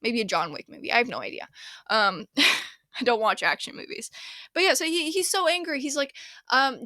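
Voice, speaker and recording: A woman's voice: high voice, moderate pace, sharp tone, no room sound, clean studio sound. A young woman hosting a casual solo podcast, chatty and slangy, laughing often as she retells a story in her own words. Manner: chatty, laughs often, paraphrases scripture in slangy put-on voices. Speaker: podcast host.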